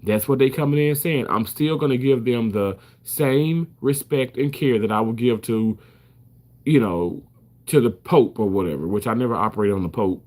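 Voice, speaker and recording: A man's voice: on the low side, a little mellow. Emphatic, swearing man talking to camera. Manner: emphatic, repeats himself, swears freely. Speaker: surgical first assist. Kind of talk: casual talk to camera.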